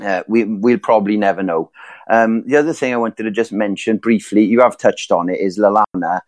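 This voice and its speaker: Low, rambling male co-host. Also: brisk, no echo. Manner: rambling, many fillers and restarts. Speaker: podcast co-host. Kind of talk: casual football chat.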